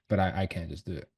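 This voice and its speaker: A man's voice: deep voice, husky. A man talking through trades on a livestream, slangy and casual, swearing, laughing often and thinking aloud. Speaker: trader streaming his chart analysis. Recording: voice from a distant mic.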